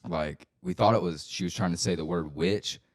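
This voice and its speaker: Young male podcast co-host, deep voice, rambling profane storyteller, gets loud when excited. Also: normal speed. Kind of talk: casual storytelling chat.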